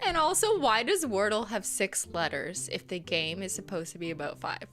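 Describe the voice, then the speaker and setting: A woman's voice: medium pitch, expressive, moderate pace, fairly bright tone, soft background music. A woman streamer chatting casually and rambling while playing a game, laughing often.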